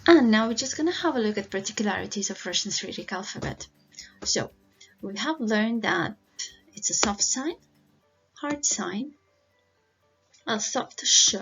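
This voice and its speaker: A woman language teacher giving a careful, deliberate lesson with slow pronunciation drills. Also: mid-range voice, husky. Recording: slightly dull, lo-fi audio with faint music.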